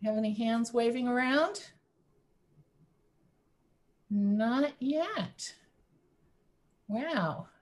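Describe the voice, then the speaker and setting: A woman leading an online religious service over a video call, inviting people in a gentle, unhurried way. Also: fairly high pitch. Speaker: service leader.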